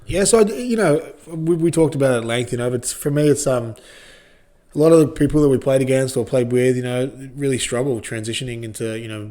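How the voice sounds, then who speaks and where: A man's voice: mid-range voice, fast, mellow. A man in his thirties with an Australian accent, chatting as a podcast guest in a laid-back, rambling way and swearing freely. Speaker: guest, former rugby league player. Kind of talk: casual podcast chat.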